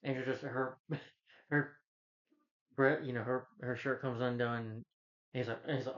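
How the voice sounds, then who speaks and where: Male reviewer, middle pitch, casual rambling plot recap with chuckles, dull lo-fi sound. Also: level tone, a little slow, pauses often, a bit bright. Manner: rambling, chuckling, restarts, acts out quotes in a higher voice. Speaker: movie reviewer. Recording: dull lo-fi recording.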